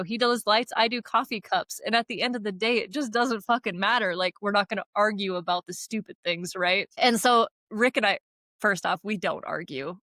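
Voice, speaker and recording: A woman's voice: mid-range voice, moderate pace, a bit bright, no room sound. A woman co-hosting a podcast in casual chat, blunt and profane, telling stories emphatically with frequent laughs. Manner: emphatic, talks in run-on bursts with fillers like "like" and "right?". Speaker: podcast co-host.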